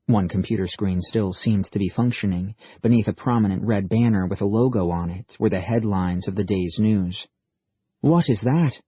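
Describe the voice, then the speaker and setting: A man narrates an audiobook in a low, husky voice with a steady, even delivery. The recording sounds dull and muffled, and it is dry and close. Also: normal speed, hardly any pauses, no echo.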